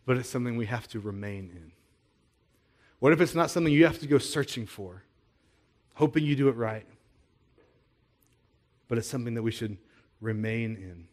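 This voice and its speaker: A man's voice: mid-range voice, a little mellow. A man preaching a sermon as a pastor, talking in a conversational way, asking many rhetorical questions and often repeating words as he restarts.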